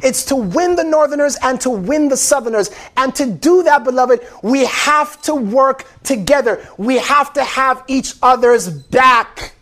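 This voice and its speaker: Man, very high voice, impassioned sermon, repeats phrases, calls the congregation beloved. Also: unhurried, few pauses, a bit bright. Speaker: pastor.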